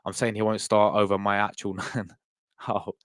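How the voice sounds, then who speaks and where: A man's voice: fairly low pitch, little pitch movement, moderate pace, no echo. A young man chatting casually on a live stream, rambling and repeating himself as he talks to his chat.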